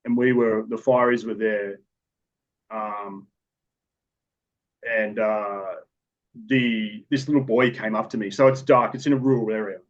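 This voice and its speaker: Low-voiced Australian man, dull recording. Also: fairly even intonation, unhurried, pauses often. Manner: matter-of-fact, rambling with restarts. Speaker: police officer guest. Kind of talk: storytelling in a podcast interview.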